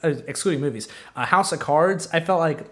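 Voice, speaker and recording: A man with a voice pitched a little high chats loosely as a podcast co-host. He wanders from one tangent to the next, filling pauses with ums and restarting sentences. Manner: rambling, drifts into tangents with many ums. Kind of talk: casual chat.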